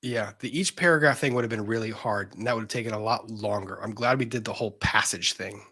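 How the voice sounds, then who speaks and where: A man's voice: lowish voice, fast, bright, forceful tone. A man hosting a casual livestream, chatting and reading viewer messages aloud. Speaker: livestream host reading super chats.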